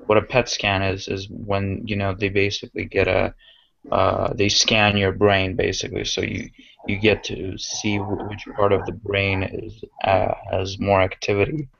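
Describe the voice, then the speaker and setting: A man with a low, gravelly voice talks in a halting, casual way, full of fillers and restarts. His tone stays flat, and the recording sounds dry and muffled. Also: dry recording. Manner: hesitant, many fillers and restarts. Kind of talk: casual conversation.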